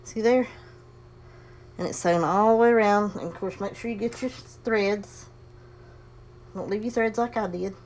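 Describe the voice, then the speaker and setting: A woman's voice: mid-range voice, a little slow, pauses often, darkish tone. Chatty folksy woman teaching sewing. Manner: chatty, folksy, talks herself through the steps. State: breathing heavily. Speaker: crafting tutorial host. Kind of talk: casual sewing demonstration.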